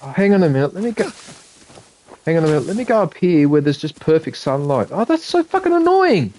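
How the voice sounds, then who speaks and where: A man's voice: a little high, lively intonation, fast talker, warm tone, a little hiss or hum. A man chatting casually on a live game stream, muttering to himself and swearing when frustrated. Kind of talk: casual live-stream chat while gaming.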